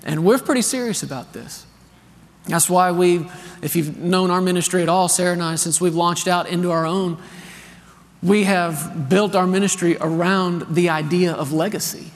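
A man's voice: sits high, moderate pace. Earnest preaching man in a big hall. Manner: storytelling, animated and earnest, calls for responses. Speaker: pastor. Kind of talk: sermon. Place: large church hall.

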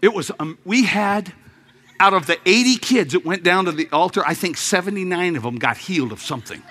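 Male preacher telling a story from the pulpit, animated and expressive, bright voice. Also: high-pitched, fairly quick. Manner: animated, acts out voices, laughs, sudden shouts. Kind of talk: sermon storytelling.

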